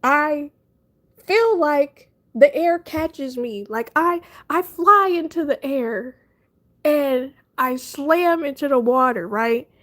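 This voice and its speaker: A young woman livestreaming, telling a funny story to her chat in a casual, animated way, laughing often and acting out her panic. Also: sits high, slow pace. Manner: animated, laughing, dramatic retelling.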